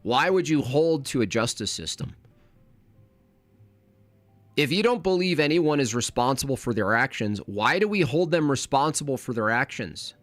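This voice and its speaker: A man's voice: mid-range voice, animated, moderate pace, a bit bright, no room sound, faint music behind. A man hosting a live reaction stream, his talk combative and openly scornful. He slips into silly mimicking voices to mock the people he argues against. The sound is dry and close, with no room around it.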